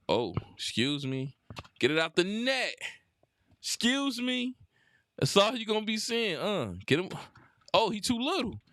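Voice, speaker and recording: Young man, bouncy animated voice, dry close sound; cocky gameplay chatter. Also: medium pitch, no room sound. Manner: hyped, laughing trash talk. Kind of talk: casual gameplay commentary.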